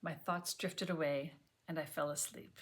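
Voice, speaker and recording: A woman reads an audiobook chapter from her sofa at home. Her voice sits low and her delivery is gentle and measured, slipping at times into a near whisper. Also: fairly even intonation. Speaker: audiobook reader. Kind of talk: audiobook reading.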